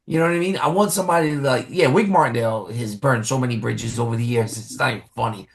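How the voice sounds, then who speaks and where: A man's voice: medium pitch, fast talker, gravelly. Rambling man chatting on a sports podcast. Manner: rambling, full of "like" and restarts. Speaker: podcast host. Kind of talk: casual sports chat.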